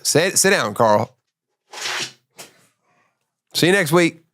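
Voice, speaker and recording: A middle-aged man hosting a casual comedic interview, teasing his guest with deadpan banter. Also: on the high side, slow pace, slight background noise. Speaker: podcast host.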